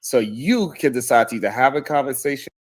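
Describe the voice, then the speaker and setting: A man's voice: medium pitch, animated, brisk, dry recording. Male panel guest, insistent and frustrated, in a dry, close recording. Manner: insistent, frustrated at being interrupted. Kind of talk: heated panel argument.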